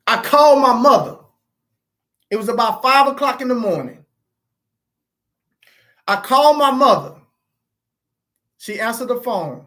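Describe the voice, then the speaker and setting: Brief: bereaved woman testifying on a live stream, halting and repetitive, a fairly high voice. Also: animated, a bit bright. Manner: halting, repeats herself, addresses listeners as family. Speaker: grieving parent hosting a live stream.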